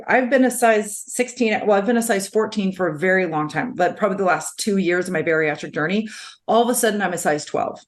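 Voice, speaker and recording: An earnest woman on a conversational podcast, speaking openly and with feeling from personal experience. Her pitch sits in an ordinary middle range, and she circles back to the same phrases as she works through her thoughts. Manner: earnest and emotional, sighs, repeats herself. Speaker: podcast co-host sharing her own experience. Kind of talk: candid conversational podcast chat.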